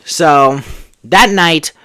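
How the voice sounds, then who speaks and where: A man's voice: fairly high pitch, extremely slow, sharp tone, clean tone. A man casually retelling a made-up movie plot, rambling with many fillers. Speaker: storyteller.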